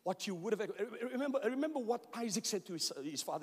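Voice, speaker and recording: A man's voice: high voice, animated, fast, hardly any pauses, a little mellow, husky. A man in his fifties preaching a sermon in a church with impassioned delivery, voicing God's words in quotes. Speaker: pastor. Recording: long reverb of a church hall.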